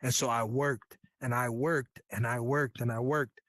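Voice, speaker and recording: A man's voice: medium pitch, steady tone, a little slow, a bit bright, dry recording. A man from New York, a Navy veteran guest, telling his story in a candid, earnest, slangy way. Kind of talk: casual storytelling.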